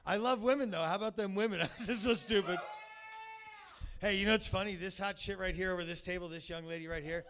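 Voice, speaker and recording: Brash, high-voiced stand-up comic. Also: male voice, fast talker, noisy background. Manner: rambling, crude, crowd-baiting, full of fillers. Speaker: stand-up comedian. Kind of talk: stand-up comedy set. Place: comedy club.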